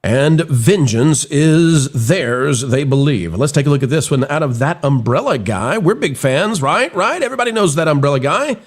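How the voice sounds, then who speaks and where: A man hosting a live stream, reading and commenting on news in an animated, theatrical way while getting over a cold. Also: fairly high pitch, moderate pace, few pauses. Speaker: show host.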